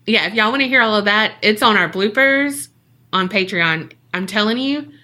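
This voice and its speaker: A woman's voice: medium pitch, moderate pace, pushed and bright. A woman, co-hosting a podcast and telling a story in a casual, jokey way that is full of swearing. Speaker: podcast co-host.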